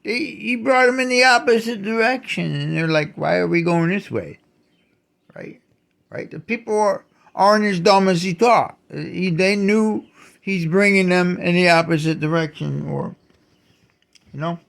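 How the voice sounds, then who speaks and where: Male host, angry solo rant, higher register, gravelly; restarts words, bursts into shouts. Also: moderate pace. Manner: indignant, repeats and restarts words, shouts accusations. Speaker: channel host. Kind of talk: ranting monologue.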